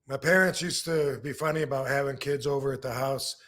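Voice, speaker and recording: A man's voice: medium pitch, steady tone, brisk, a bit bright. A middle-aged man from Michigan, hosting a podcast and telling rambling stories in casual chat, full of fillers and restarts. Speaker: podcast host, wrestler.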